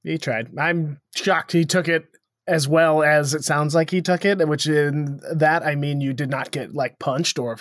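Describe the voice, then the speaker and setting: A man's voice: on the high side, steady tone, unhurried, a bit bright, no echo, clean studio sound. A man co-hosting a podcast, chatting casually and teasing his co-host. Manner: teasing, laughs often. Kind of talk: casual chat.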